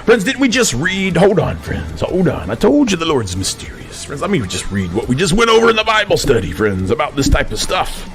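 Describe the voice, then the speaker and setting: A man, a veteran, delivering a preachy, indignant monologue to his viewers, calling them friends, swinging between quiet asides and outbursts. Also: fairly high pitch, huge pitch swings, brisk, few pauses, over music. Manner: addresses listeners as friends constantly, indignant, swings between soft and shouting. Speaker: veteran vlogger.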